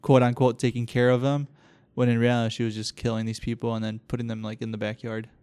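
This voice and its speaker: A man's voice: medium pitch, flat delivery, quick pace, darkish tone, clean tone, dry recording. A man co-hosting a casual podcast, chiming in with short remarks and dry jokes. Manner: brief interjections and dry quips. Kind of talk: casual chat.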